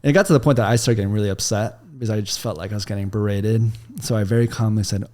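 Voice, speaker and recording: A man's voice: lowish voice, steady tone, very fast, few pauses, dark tone. A man in his thirties, a podcast guest telling a long personal story in a casual, chatty way full of "like" fillers, on a studio mic.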